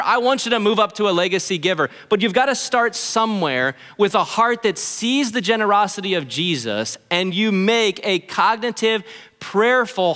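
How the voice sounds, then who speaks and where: A man preaching to his church with a bright, forceful voice pitched a little high. He talks in an earnest, animated way and acts out what his listeners might be thinking. The sound rings with the long reverb of a big hall. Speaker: pastor. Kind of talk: sermon. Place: church auditorium.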